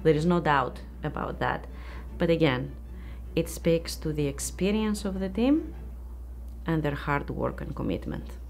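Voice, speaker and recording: A woman's voice: low-pitched, animated, a little slow, creaky, darkish tone. A woman scientist speaking in a documentary interview in an earnest, thoughtful way. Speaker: lab scientist.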